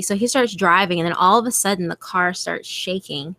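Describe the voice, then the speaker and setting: A young woman telling a scary story to her stream in a casual, animated way, swearing freely. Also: fairly low pitch, a little fast. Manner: animated, swearing, quotes friends in voices.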